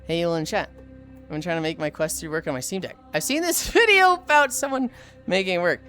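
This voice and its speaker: With a lowish, brisk voice, a thirtysomething woman on a live stream tells stories to her chat and friends, animated and laughing often. Soft music plays in the background.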